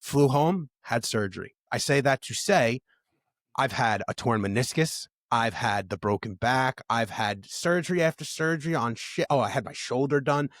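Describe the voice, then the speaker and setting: A man's voice: mid-range voice, moderate pace, a bit bright, no room sound, clean studio sound. A man on a podcast, telling candid stories in a casual, profane way. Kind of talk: casual chat.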